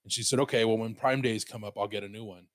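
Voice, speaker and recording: A man casually telling a story on his show, rambling and animated, swearing freely. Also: on the low side, fast, no echo, studio quality. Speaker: streamer and podcast host.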